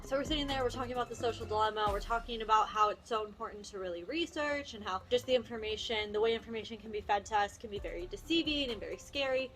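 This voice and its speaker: Bright-voiced chatty young woman. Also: fairly high pitch, quick pace, hardly any pauses, faint music behind. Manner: chatty, sarcastic, lots of "like". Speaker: vlogger. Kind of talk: casual storytime.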